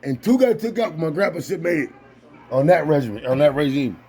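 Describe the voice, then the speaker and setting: High-voiced man telling a family story. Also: big pitch swings, a little fast, dark tone. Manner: repetitive, restarts phrases, insistent. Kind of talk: casual emotional storytelling.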